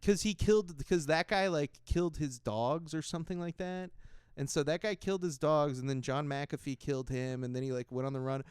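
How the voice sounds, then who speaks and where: A man hosts a podcast in easy, casual chat. His voice is smooth and on the high side, recorded dry and close. He tells stories with lots of energy, laughing often and acting out other people's lines. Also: a little fast, no room sound. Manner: animated storytelling, laughs often, acts out voices. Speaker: podcast host.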